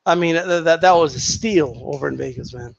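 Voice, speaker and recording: A man's voice: on the high side, brisk, creaky, no echo, highs cut off. A man ranting casually to his viewers, heated and profane, mocking people and repeating himself for emphasis. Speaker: boxing commentator vlogger.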